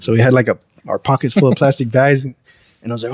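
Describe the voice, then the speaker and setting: A young man, a podcast guest telling a wild story in a lively, profane, slangy way. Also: medium pitch, racing, no echo. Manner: animated, profane, slangy storytelling with acted quotes. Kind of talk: casual storytelling.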